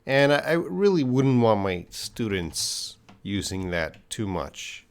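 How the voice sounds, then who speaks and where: A man answering viewers' English questions in a live-stream lesson. He explains patiently, with pauses and restarts. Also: fairly low pitch, very animated, a little hiss or hum. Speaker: English teacher.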